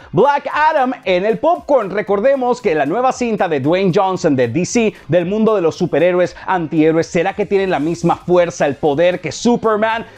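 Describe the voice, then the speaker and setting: A man's voice: high voice, darkish tone. A man presenting a TV entertainment show in an upbeat, promotional way. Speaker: show host. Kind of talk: scripted TV presenting.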